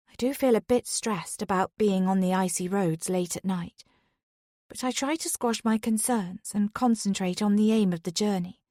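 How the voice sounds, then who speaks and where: A woman reading a first-person thriller audiobook in a steady, even way. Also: medium pitch, no room sound, clean studio sound. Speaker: audiobook narrator.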